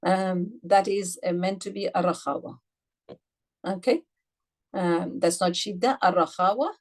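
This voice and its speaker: A woman teaching an online recitation class. She explains patiently, asks her students questions and says sounds slowly, several times over. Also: fairly low pitch. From United Kingdom. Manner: patient, demonstrates sounds slowly and repeats them; addresses students directly with questions. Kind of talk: online tajweed lesson.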